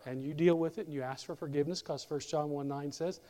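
A male pastor preaching a sermon in a church, animated and speaking directly to members of the congregation by name. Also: fairly high pitch, fast talker, few pauses, in a large hall.

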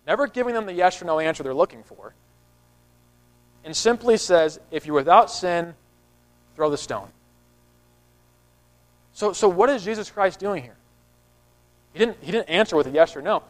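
High-voiced preaching man. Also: fairly bright tone, rough recording. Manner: conversational preaching with repeated words and acted-out voices. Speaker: pastor. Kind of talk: sermon.

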